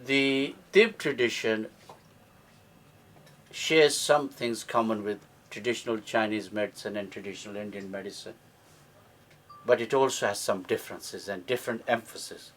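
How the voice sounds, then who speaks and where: A man's voice: on the low side, moderate pace, a bit bright, slight background noise. Man quizzing a live audience. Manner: engaging, quizzes the audience, keeps checking with "yeah?". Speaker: speaker at a book launch. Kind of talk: interactive teaching talk to a live audience. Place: event room with a live audience.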